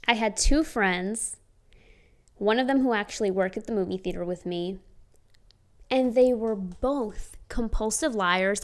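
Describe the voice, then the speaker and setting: A woman's voice: fairly high pitch, unhurried. A young adult woman telling personal stories to camera in a casual, chatty way, with emphatic, sardonic asides. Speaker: vlogger.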